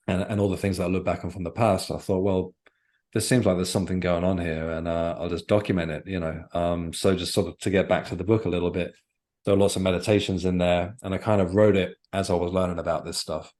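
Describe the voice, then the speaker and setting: A man with a very low, deep voice, speaking as a guest author on a podcast. He tells his story in a reflective, earnest way and often stops to search for the right words. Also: level tone, fast talker, a little mellow. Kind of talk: podcast interview, personal storytelling.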